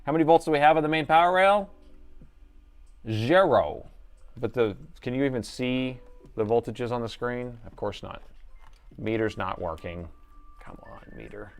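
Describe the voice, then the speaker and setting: Animated yet at normal speed, with frequent pauses, a middle-aged man's medium-pitched voice narrates his laptop repair live stream from the workshop. He thinks aloud, rambles, jokes, and slips into an announcer voice here and there.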